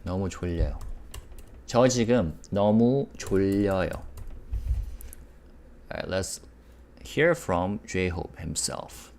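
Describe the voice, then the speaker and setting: A man's voice: deep voice, expressive, a little fast, pauses often, darkish tone, slight background noise. A man teaching a live online Korean lesson, upbeat and patient, spelling out syllables and answering chat questions.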